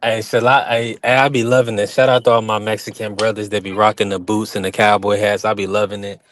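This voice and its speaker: A man's voice: on the low side, little pitch movement, fast. Laid-back man hosting a boxing livestream. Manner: laid-back, laughing, giving shout-outs in slang. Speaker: host. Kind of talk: casual livestream panel talk.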